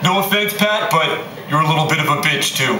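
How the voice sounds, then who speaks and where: A man's voice: a little high, a little fast, heavy background noise, lightly acted. A young man performing in a web comedy sketch, smug and bickering. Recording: distant, echoey audio with music.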